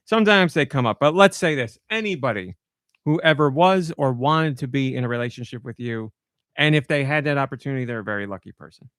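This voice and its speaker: A man's voice: medium pitch, lively intonation, quick pace, a bit bright, clear, resonant tone, no echo, studio quality. A man hosting a podcast in casual chat, rambling along and laughing easily. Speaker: podcast host.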